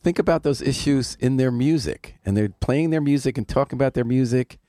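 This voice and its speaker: Brief: radio host, rapid talker, low-ish voice, dry booth sound. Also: male voice, dark tone, no room sound. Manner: quick, interjecting questions and comments. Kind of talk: radio talk show hosting.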